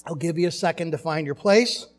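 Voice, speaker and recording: High-voiced male pastor preaching. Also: a little fast, soft background music. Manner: conversational storytelling, animated asides. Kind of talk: sermon. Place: church sanctuary.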